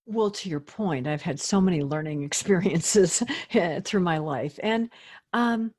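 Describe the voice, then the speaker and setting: An older woman, a fitness expert, speaking as a guest in an interview in a lively, earnest, motivational way. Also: lowish voice, a little slow, slightly rough. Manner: lively, acts out quoted inner voices. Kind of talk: conversational interview.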